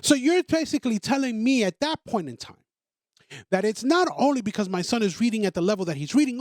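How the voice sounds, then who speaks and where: An adult parent who hosts a podcast delivers an opinionated monologue in a high, very lively voice that swings up and down as he pushes his points. Speaking fairly quickly and emphatically, he circles back on phrases and stammers over restarts; the sound is dry and close, with no echo or room.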